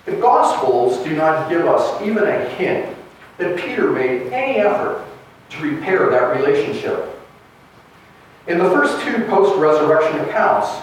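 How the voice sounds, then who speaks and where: Picked up from a distance with a little hiss or hum, this echoey church recording features a man's higher-leaning voice. He's a pastor in the sanctuary, preaching by narrating a gospel story.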